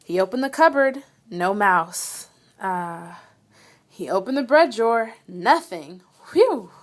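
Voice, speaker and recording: A woman reading a children's picture book aloud with expressive, dramatic storytelling. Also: medium pitch, takes it slowly. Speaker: read-aloud reader.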